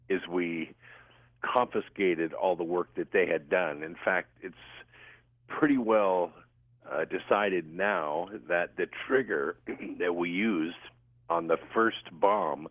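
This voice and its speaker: A male radio guest calmly explaining things over the phone. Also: deep voice, takes it slowly, no room sound. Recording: tinny phone line.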